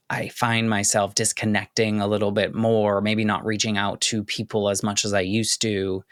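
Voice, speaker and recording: A man hosting a podcast, speaking candidly and haltingly about a painful loss, choking up at times. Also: on the low side, a bit bright, no echo, clean studio sound. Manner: candid, halting, with many restarts and "like" fillers. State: choking up with emotion. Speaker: podcast host. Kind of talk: personal reflective monologue.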